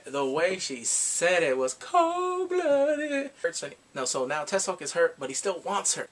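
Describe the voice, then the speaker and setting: A young man casually recapping a drama in an animated, dramatic way, full of exclamations. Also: fairly high pitch. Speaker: drama reviewer.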